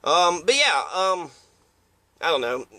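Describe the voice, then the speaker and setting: Guy ranting casually and swearing a lot, kinda high voice, dry close sound. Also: very animated, slow, pushed and bright, dry recording. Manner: rambling, profane, acts out quotes in mocking voices. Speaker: commentator. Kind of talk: casual opinion monologue.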